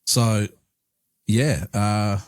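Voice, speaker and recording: Male podcast host, low pitch, dry booth sound, relaxed chatty delivery. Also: very slow, smooth, no echo. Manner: chatty, laughs easily. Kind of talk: casual chat.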